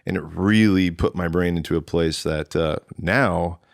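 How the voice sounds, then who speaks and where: A man in his thirties, a drummer, telling stories in a casual interview and acting out quotes in lively voices. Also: sits low, measured pace, vocal fry, no echo, studio quality. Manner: animated, quotes himself and others in lively voices. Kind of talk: casual storytelling chat.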